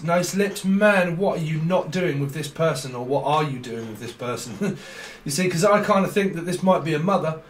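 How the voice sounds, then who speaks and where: A man's voice: on the high side, reverberant, slight background noise. A man giving a casual tarot reading, playful and rambling, breaking into laughs often. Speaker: tarot reader.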